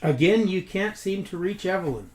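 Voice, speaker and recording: Wry game master, echoey room. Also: male voice, high voice, lively intonation, normal speed, darkish tone. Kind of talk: narrating a tabletop game.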